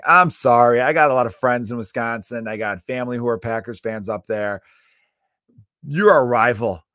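A man's voice: fairly low pitch, no room sound. Profane ranting man, dry sound. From Chicago area. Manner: profane, animated ranting with frequent asides. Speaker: podcast host, comedian. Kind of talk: casual ranting monologue.

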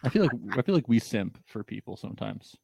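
A man's voice: fairly low pitch, lively intonation, fairly quick, vocal fry, dark tone, breathy edge, no room sound, muffled recording. A man co-hosting a casual recap chat, joking, acting out quotes and tripping over his words. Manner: joking, acts out quotes, stammers and restarts. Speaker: podcast co-host.

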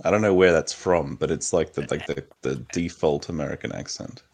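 A man's voice: extremely low pitch, a little fast. A young man hosting a podcast, speaking in a hesitant casual chat with lots of fillers. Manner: hesitant, many fillers and restarts. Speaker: podcast host.

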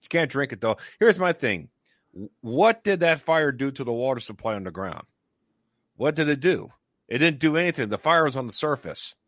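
A man's voice: mid-range voice, sing-song, moderate pace, a bit bright, no room sound, clean studio sound. A man hosting a casual discussion, making emphatic points and stopping often to say "okay".

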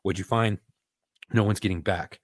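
A man's voice: sits low, moderate pace, dry recording, clean studio sound. A young man, a police officer and podcast co-host, telling a story in casual chat with lots of swearing and acted-out quotes. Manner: profane, animated retelling with quoted voices.

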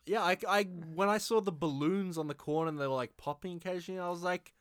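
A man co-hosting a casual film discussion, giving thoughtful, measured replies. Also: sits high, clean tone. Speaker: co-host.

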